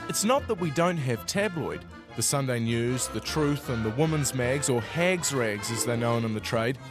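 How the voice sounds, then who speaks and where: A man's voice: mid-range voice, expressive, normal speed. A man giving scripted satirical documentary narration in a wry, ironic way. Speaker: narrator and presenter. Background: music.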